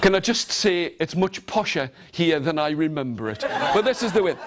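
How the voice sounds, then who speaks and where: A male storyteller running an interactive workshop for a live audience. He speaks in a bright, high voice that swings up and down all the time, theatrical and animated as he coaxes the listeners into call-and-response. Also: moderate pace, a crowd in the background, background noise. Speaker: storyteller and teacher trainer. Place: large room with a live audience.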